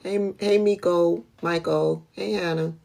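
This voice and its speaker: Slow-talking, blunt livestream host woman. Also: on the low side, steady tone, vocal fry, a little mellow. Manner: blunt, profane, laughing, talks to chat viewers by name. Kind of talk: casual livestream commentary.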